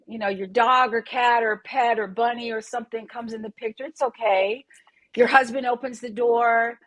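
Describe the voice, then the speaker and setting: A soft-spoken woman, a Pilates instructor, speaking earnestly in a conference panel conversation and laughing often. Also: fairly high pitch, fairly even intonation, normal speed, dry recording.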